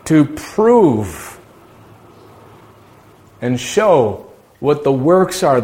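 With a darkish tone, a man preaches in a conversational manner. He asks rhetorical questions and regularly brings his voice down low to underline what matters.

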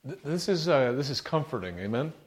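Forceful rebuking male preacher. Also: medium pitch, big pitch swings, brisk. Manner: forceful, rebuking, emphatic preaching with scripture readings. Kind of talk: sermon.

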